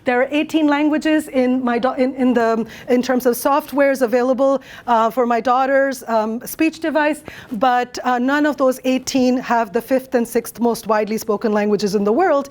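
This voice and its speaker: A native Bengali-speaking woman in middle age presents her academic research. Her voice sits a little high, and she talks thoughtfully and earnestly, pausing on fillers and restarting her phrases. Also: fairly even intonation.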